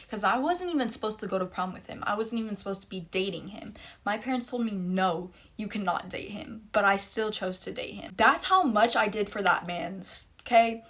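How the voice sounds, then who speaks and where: A woman's voice: mid-range voice, fairly bright tone. A young woman telling a personal story in a casual storytime monologue, blunt and emphatic, with heavy swearing and repeated phrases.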